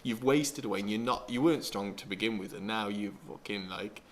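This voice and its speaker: Low-voiced man teasing his co-host. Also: a little fast, a little hiss or hum. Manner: crude, teasing storyteller who laughs often. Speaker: podcast co-host. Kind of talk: casual chat.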